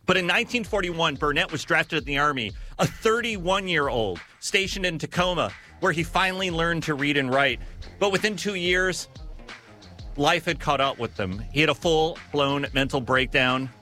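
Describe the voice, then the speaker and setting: Guy narrating music history, bright forceful voice, a bit high, soft music behind. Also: expressive, moderate pace. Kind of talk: scripted narration.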